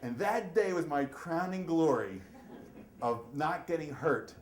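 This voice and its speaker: Animated middle-aged man telling stories on stage. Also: on the high side, a little slow, crowd noise. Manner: animated, acts out shouts and voices. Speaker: storyteller. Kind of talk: live storytelling on stage. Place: storytelling event venue. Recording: echoey room, faint ambience.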